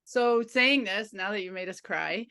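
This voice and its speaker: A woman hosting a podcast, speaking in a warm, appreciative way. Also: mid-range voice, unhurried, smooth, dry recording, clean studio sound. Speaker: podcast host. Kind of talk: casual podcast chat.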